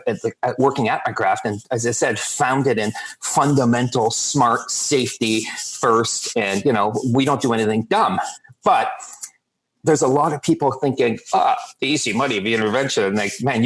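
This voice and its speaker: A man who works as a sober coach, telling blunt, profane stories in a calm, steady way as a podcast guest. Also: medium pitch, low-quality recording. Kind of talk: casual podcast storytelling.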